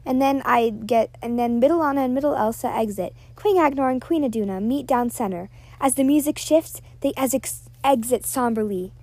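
Recorded on a built-in device mic with no echo, this teenage girl hosts a chatty podcast, rambling with many "like"s and self-deprecating comments. Her voice is a little high and a little mellow, at a moderate pace.

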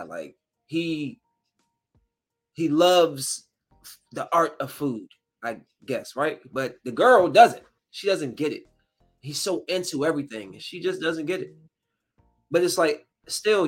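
A man casually retelling a movie's plot in a rambling, animated way, acting out the characters' lines as he goes. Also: fairly high pitch, slightly rough.

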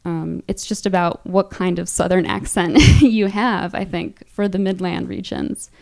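A woman's voice: lowish voice, fairly even intonation, measured pace, gravelly, a little mellow. A woman from the American Midwest hosting a casual solo podcast, rambling with many ums and trailing restarts, chatty and self-amused. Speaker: podcast host.

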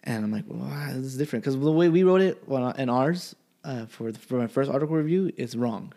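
A man's voice: mid-range voice, animated, fairly quick, mellow. A young man, a college student, in a rambling, profane casual chat. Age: young adult.

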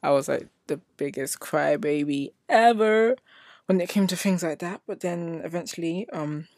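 A woman's voice: on the low side, moderate pace, darkish tone, no room sound, clean studio sound. A young woman hosting a casual solo podcast, chatty and self-mocking, often acting out her past self in quoted asides. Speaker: podcast host.

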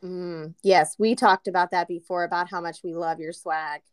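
A woman's voice: lowish voice, fairly even intonation, normal speed, smooth, no echo. A woman hosting a podcast interview, enthusiastic and gushing, with long rambling questions. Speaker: podcast host. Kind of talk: casual interview chat.

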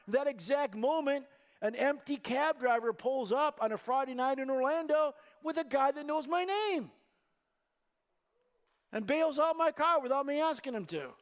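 A pastor delivering a sermon in a relaxed, conversational way, weaving in personal anecdotes. He is a man with a notably high-pitched speaking voice. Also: moderate pace.

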